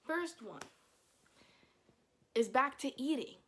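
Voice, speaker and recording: A young woman with a Dominican family background, telling comic stories to camera in a casual vlog, mimicking her mother's scolding and getting loud at the punchlines. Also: sits high, animated, takes it slowly, husky. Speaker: vlogger. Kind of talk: casual comedic storytelling to camera.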